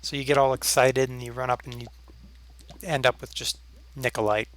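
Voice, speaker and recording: A man's voice: mid-range voice, flat delivery, moderate pace, fairly bright tone, poor audio. Man chatting casually over a game. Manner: drops to a near whisper while focused on the game. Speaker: let's play host. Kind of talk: casual gameplay chat.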